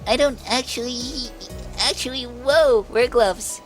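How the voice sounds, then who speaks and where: A man's voice: very high voice, slow, a bit bright, soft background music, voice pushed up, heavily acted. A man putting on a raised, girlish voice for a giggly, bold young woman athlete in a game. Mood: playful.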